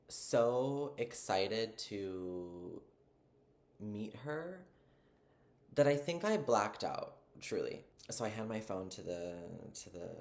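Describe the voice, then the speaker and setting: A young man telling a story in a casual, excited, rambling way, full of fillers. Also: deep voice. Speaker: vlogger.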